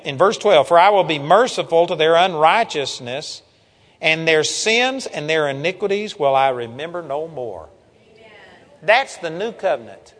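A man's voice: high voice, fairly bright tone, in a large hall. An older man preaching a sermon in an earnest, folksy way, reading Bible verses aloud.

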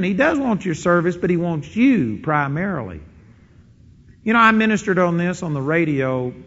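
A man preaching a sermon to a live congregation in a large hall, impassioned and slowing right down when quoting scripture. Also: on the high side, fairly bright tone. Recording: dull lo-fi sound with long hall reverb.

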